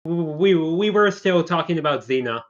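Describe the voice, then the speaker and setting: A woman's voice: sits low, lively intonation. A woman hosting a podcast, chatting casually and laughing often. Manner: giggly, unhurried. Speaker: podcast host. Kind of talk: casual chat. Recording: slightly dull lo-fi audio.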